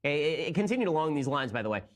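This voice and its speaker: A man's voice: a little high, very animated, racing. A young man hosting a commentary show, talking in a sarcastic, incredulous way as he reacts to clips. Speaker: political commentator host. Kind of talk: rapid-fire sarcastic commentary.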